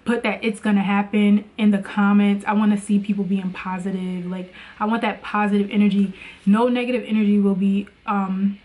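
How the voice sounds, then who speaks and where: A woman's voice: mid-range voice, little pitch movement, fairly quick, a little mellow. Chatty preachy woman vlogger. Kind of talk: casual motivational faith talk.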